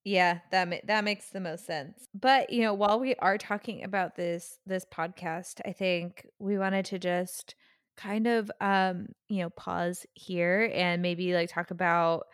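A woman's voice: fairly low pitch, steady tone, measured pace, clear, resonant tone, no echo, studio quality. Chatty young woman podcast co-host. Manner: chatty, lots of "like" fillers. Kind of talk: casual podcast chat. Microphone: remote call, home mic.

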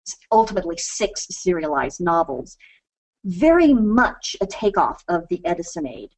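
A woman's voice: lowish voice, very animated, normal speed, darkish tone, low-quality recording. A woman giving a lecture, thinking aloud with many fillers and restarts. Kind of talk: lecture talk.

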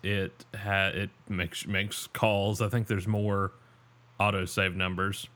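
A man's voice: low-pitched, flat delivery, takes it slowly, fairly bright tone. A man co-hosting a podcast over a call, joking and teasing in loose casual chat. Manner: joking, playful. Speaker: podcast co-host. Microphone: remote call.

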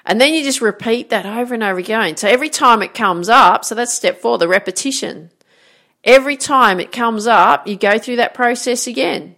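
A woman's voice: fairly high pitch, brisk, vocal fry, bright, forceful tone. A woman giving an encouraging motivational talk as a coach, often checking in with "right?". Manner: encouraging, repeats "right?" and "guess what?". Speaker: golf and life coach.

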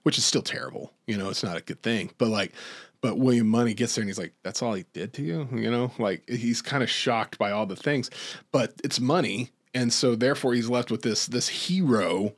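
A man co-hosting a podcast, chatting casually about movies, rambling with lots of restarts and fillers and getting excited as he goes. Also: medium pitch, moderate pace. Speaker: podcast co-host.

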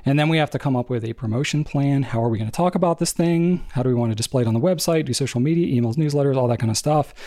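A man co-hosting a casual podcast, explaining at length in an animated, rambling way. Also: mid-range voice, rapid-fire, hardly any pauses. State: out of breath. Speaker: podcast co-host.

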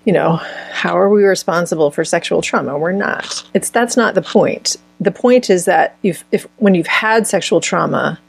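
A woman's voice: lowish voice, moderate pace, gravelly, slightly rough, no echo. A woman speaking as a healer guest in an interview, searching for words and often restarting phrases mid-thought. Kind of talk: conversational interview answers.

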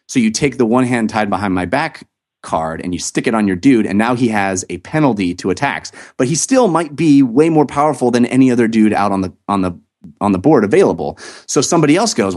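A man's voice: on the low side, expressive, normal speed, darkish tone. A man hosting a casual podcast, chatting enthusiastically and rambling with frequent restarts and fillers. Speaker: podcast host.

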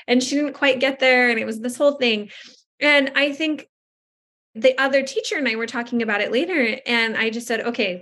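A woman's voice: a little high, fairly bright tone. A woman hosting a podcast interview, chatting and telling a rambling story about her work as a speech therapist. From Southern California. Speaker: podcast host, speech-language pathologist. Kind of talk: conversational interview.

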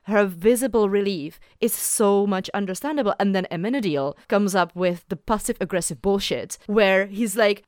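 A woman's voice: mid-range voice, moderate pace, few pauses, dry recording, clean studio sound. A woman co-hosting a podcast, chatting casually about a TV episode and ranting at characters with strong opinions. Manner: lively, opinionated, rants at characters. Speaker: podcast co-host. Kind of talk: casual chat recapping a TV episode.

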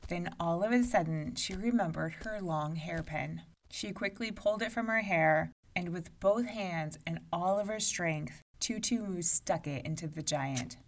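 A woman narrating a storybook aloud in an expressive, measured way. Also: lowish voice, far from the mic.

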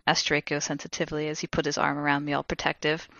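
Young woman, comic co-host, deadpan reader, low forceful voice. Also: fast, hardly any pauses, muffled recording. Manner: deadpan narration that breaks into laughter. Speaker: podcast co-host. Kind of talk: comic dramatic reading.

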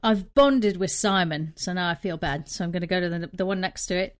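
A woman's voice: fairly low pitch, brisk. A young woman playing a tabletop game, narrating her moves in a rambling, self-deprecating way with apologetic asides. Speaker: player. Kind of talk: tabletop role-play, casual chat.

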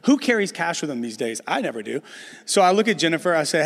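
A man's voice: fairly high pitch, quick pace. A middle-aged man preaching a sermon, telling stories with humor and speaking directly to his congregation. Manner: animated storytelling, addresses the congregation with humor. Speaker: pastor. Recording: long hall reverb.

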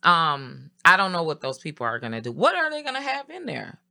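Bright-voiced chatty middle-aged co-host. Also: mid-range voice, huge pitch swings, fairly quick, gravelly. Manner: chatty, questioning, laughs while talking. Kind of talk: casual chat. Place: Mall of America area.

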